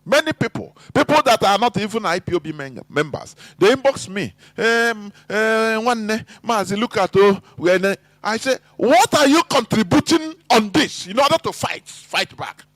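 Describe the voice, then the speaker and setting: Nigerian guy ranting about politics, high voice, dry close sound, keeps firing questions and stumbling over words. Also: lively intonation, a bit bright, dry recording. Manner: fiery, preachy, full of rhetorical questions; halting with restarts and repeated words. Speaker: activist commentator. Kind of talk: impassioned political monologue.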